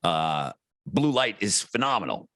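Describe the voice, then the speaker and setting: A middle-aged man co-hosts a podcast in loose, chatty conversation, and his voice has a bright, forceful edge. The sound is dry and close, with no room around it. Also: fairly low pitch, sing-song, measured pace, dry recording. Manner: loose, chatty, reads listener messages aloud. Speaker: podcast co-host. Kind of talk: casual chat.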